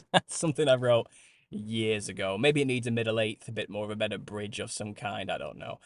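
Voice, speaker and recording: A man's voice: on the low side, brisk, fairly bright tone, no echo. A British man hosting a live stream, chatting casually with listeners, laughing often and restarting phrases as he goes. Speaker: host.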